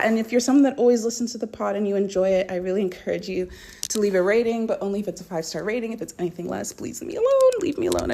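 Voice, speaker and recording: A woman's voice: mid-range voice, dark tone. A woman hosting her own solo podcast from her bedroom, talking in a casual, reflective way with lots of "like.". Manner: chatty, reflective, peppered with "like". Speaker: podcast host.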